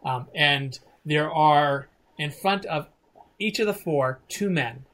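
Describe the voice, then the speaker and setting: A game master narrates a tabletop scene, setting out the room and the rules. The delivery is halting, with frequent pauses and restarts. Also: medium pitch, a bit bright. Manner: hesitant, many fillers and restarts.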